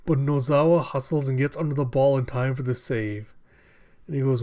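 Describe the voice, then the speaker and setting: A man reviewing a manga chapter, recapping the action and reading characters' lines aloud with excited bursts and frequent laughter. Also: mid-range voice, moderate pace. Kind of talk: reading and reacting to a comic chapter.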